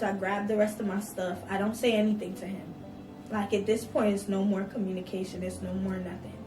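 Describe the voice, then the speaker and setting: A young woman content creator telling a personal story, talking fast and saying "like" constantly. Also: medium pitch. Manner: fast, filler-heavy, says "like" constantly. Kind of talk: emotional storytime vlog. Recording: roomy, distant mic with background noise.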